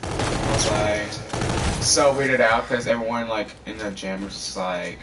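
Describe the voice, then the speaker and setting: A man's voice: lowish voice, measured pace. A teenage boy vlogging, telling a rambling personal story full of fillers, cursing and restarts. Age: teens. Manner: loose, filler-heavy, cursing, self-interrupting. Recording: distant mic, loud gunfire noise.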